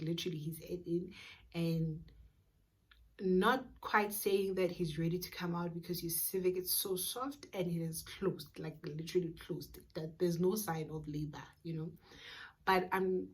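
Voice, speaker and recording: A young South African woman vlogger telling a personal story in a casual, animated way, acting out dialogue and dropping to whispers at times. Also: lowish voice. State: pregnant.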